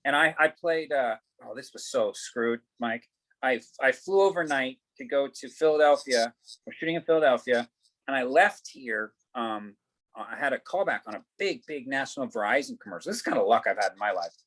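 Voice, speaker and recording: A man's voice: mid-range voice, expressive, a little fast, a bit bright, low-quality recording. A middle-aged man, an actor, telling stories in a casual interview, acting out quoted dialogue and swearing casually. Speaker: actor guest.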